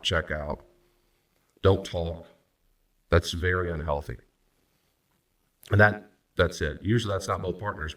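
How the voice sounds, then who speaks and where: Deep-voiced pastor. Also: male voice, a bit bright, distant mic. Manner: acts out spouses' lines in quick shifting voices. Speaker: pastor and counselor. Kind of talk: recorded teaching talk on marriage.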